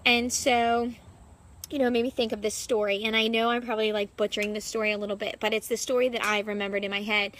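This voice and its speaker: A young woman with a slightly high voice vlogs casually outdoors in her backyard. She is a fitness coach, rambling and upbeat. Her sentences are full of "like" and "you know". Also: little pitch movement, fast, a bit bright. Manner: rambling, heavy use of "like" fillers. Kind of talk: casual vlog monologue.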